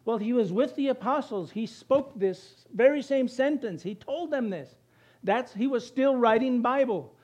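A middle-aged pastor with a high-set voice delivers a sermon. He throws rhetorical questions at his congregation and answers them himself, driving each point home. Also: expressive, a little slow, a little mellow, lo-fi sound.

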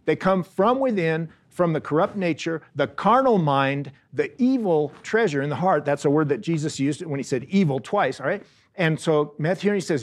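A man preaching a Bible lesson, earnest, often repeating words and slowing down to stress key phrases. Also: a little high, lively intonation. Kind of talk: Bible teaching sermon.

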